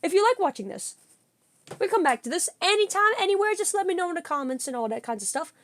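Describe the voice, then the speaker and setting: Young female streamer, high and very animated voice, giggly storyteller, dry close sound. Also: quick pace, no echo. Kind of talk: casual livestream chat with viewers.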